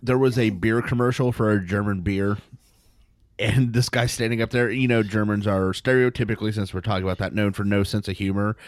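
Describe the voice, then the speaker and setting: A man's voice: on the low side, steady tone, brisk, no room sound, studio quality. A man co-hosting a podcast, rambling through anecdotes in casual chat, laughing often and trailing off. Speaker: podcast co-host.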